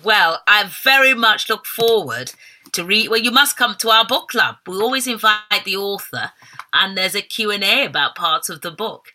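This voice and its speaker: A middle-aged woman hosting a law interview podcast, effusive and warm in her praise. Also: mid-range voice, expressive, moderate pace. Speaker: podcast host.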